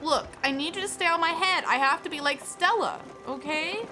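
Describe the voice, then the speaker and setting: A woman streaming a video game live, chatting casually, getting easily distracted and slipping into high baby talk with her cat. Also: normal speed, sharp tone. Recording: with game music behind.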